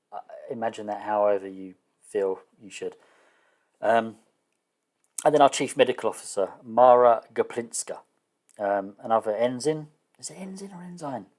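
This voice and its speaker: A man explaining his solo tabletop game setup in a casual, hesitant way, often pausing with fillers and restarting sentences, and unsure of some terms. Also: on the low side, a little mellow. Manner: self-deprecating, unsure of terms. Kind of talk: casual thinking-aloud explanation.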